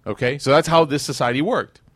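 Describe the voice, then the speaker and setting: Guy giving a quick chatty religious class, jokes around with the room, tosses in arabic recitation, dry close sound. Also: fairly high pitch, no echo. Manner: animated, conversational, jokes with the audience. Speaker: Islamic teacher. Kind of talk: casual storytelling lecture.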